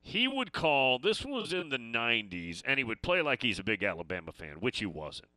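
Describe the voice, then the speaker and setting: A man's voice: medium pitch, very animated, moderate pace, sharp tone, dry recording. A man hosting a sports call-in radio show, talking casually and rambling between stories and listener messages.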